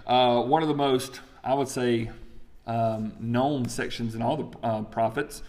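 A man teaching a Bible study class in a lively, chatty way, asking the group questions. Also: medium pitch, unhurried.

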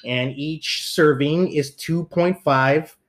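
A man hosting a casual chat show, talking in fast, rambling bursts full of fillers and teasing his co-host. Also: a little high.

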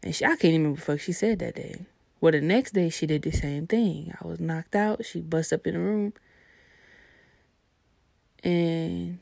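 A woman's voice: low-pitched, a little slow, gravelly, pauses often, a little mellow, no echo, studio quality. A young adult woman telling a personal story in a casual, laid-back and profane way.

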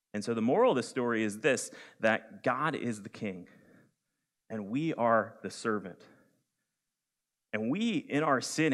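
Earnest low-voiced young man preaching. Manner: earnest, frequent "um" fillers. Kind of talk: sermon.

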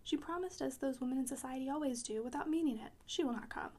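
A woman's voice: sits high, fast talker, darkish tone, husky. A woman voicing an eccentric elderly French pianist who talks bluntly and teasingly, dropping French words.

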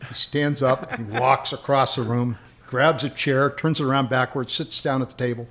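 A man's voice: mid-range voice, steady tone, moderate pace, a bit bright. A man, an interview guest, telling long rambling anecdotes and chuckling as he remembers them. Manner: rambling, chuckling as he recalls stories. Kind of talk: anecdotal storytelling.

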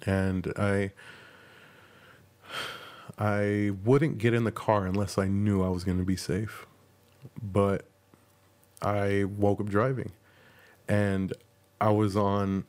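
A man's voice: on the low side, level tone, slow, pauses often, darkish tone. A young man hosting a podcast, telling a rambling, profane story about himself in a casual, self-mocking way. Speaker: podcast host.

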